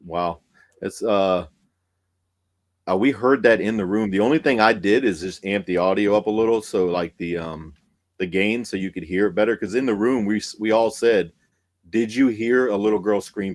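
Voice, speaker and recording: Man, low voice, excited, profane, lots of fillers, casual podcast guest. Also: fairly quick. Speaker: paranormal investigator guest.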